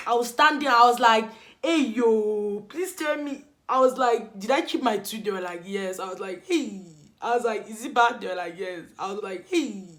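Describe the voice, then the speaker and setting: Young woman doing a story time vlog, super dramatic, says like a lot, bright voice. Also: mid-range voice, moderate pace. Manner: animated, dramatic, heavy use of "like". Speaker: vlogger.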